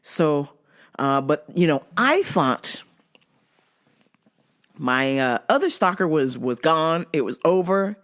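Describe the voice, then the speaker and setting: A woman's voice: deep voice, slow pace, pauses often. A woman hosting a podcast, telling a story in a blunt, profane, casual way and laughing as she goes. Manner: animated, blunt and swearing, laughing through the telling. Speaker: podcast host.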